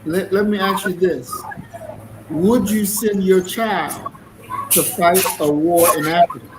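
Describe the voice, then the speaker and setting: A male talk-show host who reads viewer comments aloud and puts pointed questions to his guest in a measured way. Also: high voice, steady tone, very noisy. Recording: echoey room.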